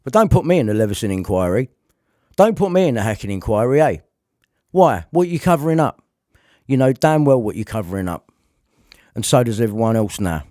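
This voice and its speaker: A man's voice: medium pitch, darkish tone, dry recording, clean studio sound. A man delivering a heated, repetitive rant to camera, swearing often. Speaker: vlogger.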